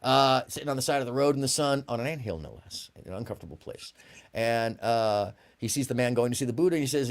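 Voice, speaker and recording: A man's voice: mid-range voice, fast. A man on a discussion panel telling a story casually, with many fillers and restarts. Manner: animated, full of fillers.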